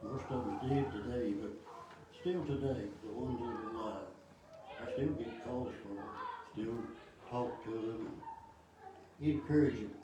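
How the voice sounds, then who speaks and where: A man's voice: mid-range voice, measured pace, pauses often. A man speaking in a casual group discussion in a folksy, encouraging way. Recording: echoey room, far from the mic, noisy.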